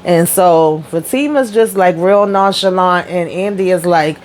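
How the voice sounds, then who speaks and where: A woman's voice: on the low side, unhurried, a little mellow, slight background noise, rough recording. A young woman reviewing a TV episode in a casual, slangy storytelling way, with mild cursing. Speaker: TV show reviewer. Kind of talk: casual recap chat.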